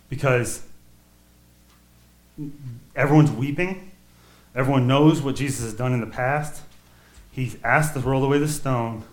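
A man preaching a sermon in a loose, conversational way, full of restarts and rhetorical questions. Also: medium pitch. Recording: echoey room.

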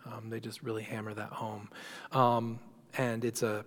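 A man's voice: fairly low pitch, little pitch movement, measured pace, a bit bright. A man teaching an informal church class, talking conversationally with many fillers and restarts. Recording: long reverb of a hall.

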